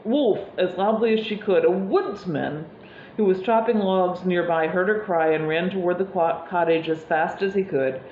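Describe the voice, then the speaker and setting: A woman preacher telling a fairy tale in a sermon, unhurried, with fillers. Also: on the low side, a little hiss or hum. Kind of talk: sermon storytelling. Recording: echoey room, slightly dull sound.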